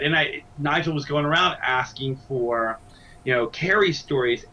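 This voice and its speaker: Bright-voiced man in a home den. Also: medium pitch. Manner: stammering restarts, enthusiastic. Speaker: wrestling broadcaster, guest. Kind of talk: casual interview chat. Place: small home man cave. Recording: dull lo-fi sound, faint noise.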